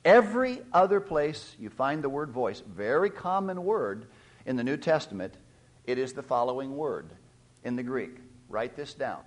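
A man preaching a sermon, teaching and questioning his listeners, swelling loud on key points. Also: medium pitch, very animated, moderate pace. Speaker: pastor.

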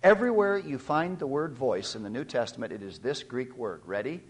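A man preaching a sermon, teaching and questioning his listeners, swelling loud on key points. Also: mid-range voice, lively intonation, brisk, husky. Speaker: pastor.

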